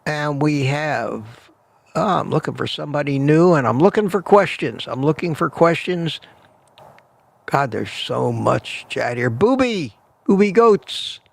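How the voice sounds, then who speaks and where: A man's voice: on the high side, lively intonation, a little slow, vocal fry, dry recording. A man hosting a casual morning livestream outdoors in the cold, greeting viewers by name and often repeating himself. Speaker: livestream host.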